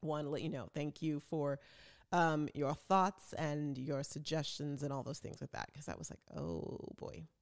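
A woman's voice: deep voice, steady tone, unhurried, creaky. A middle-aged woman, chatting casually as a podcast host and telling stories with quoted voices. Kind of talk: casual chat.

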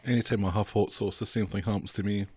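A man's voice: on the low side, steady tone, quick pace, darkish tone, slightly rough, dry recording, studio quality. A man co-hosting a casual chat, asking wry, teasing questions about a cartoon. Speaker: podcast co-host.

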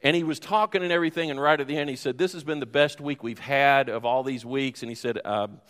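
Pastor preaching in a reverberant church. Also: male voice, mid-range voice, fast talker, a bit bright. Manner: rambling anecdotal storytelling with many fillers. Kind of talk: sermon. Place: church sanctuary. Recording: long hall reverb.

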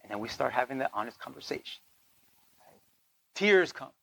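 A man's voice: mid-range voice, lively intonation, normal speed, gravelly, sharp tone, a little hiss or hum. A man giving an informal sermon in a conversational way, dropping to whispers for asides and rising for emphasis, often checking in with his listeners. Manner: keeps checking in with the audience. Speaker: preacher.

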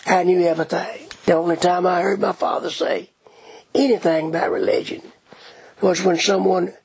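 A man giving a dramatic first-person gospel tract reading, solemn, measured and pleading in the manner of a preacher. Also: high voice, creaky, husky.

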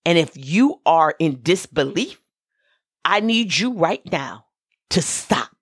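Woman minister hosting a podcast, lower voice, unhurried and insistent, dry close mic. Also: big pitch swings, husky, no echo. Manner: emphatic, repeats key phrases, gives direct instructions. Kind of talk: motivational podcast talk.

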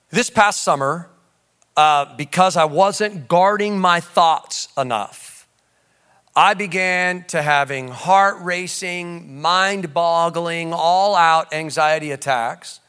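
High, bright-voiced preaching man. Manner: animated preaching, swinging from shouts to low asides; conversational storytelling with audience call-outs. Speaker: pastor. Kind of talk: sermon.

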